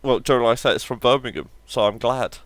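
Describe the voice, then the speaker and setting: A man's voice: mid-range voice, a little fast, dry recording. A man streaming a game live, chatting casually with viewers in a wry, joking way and swearing offhandedly. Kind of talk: casual live-stream chat while gaming.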